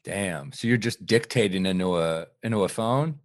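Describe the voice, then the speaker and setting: A man's voice: deep voice, normal speed. A man in his thirties chatting over drinks, self-deprecating, swearing casually and laughing a lot. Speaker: podcast guest.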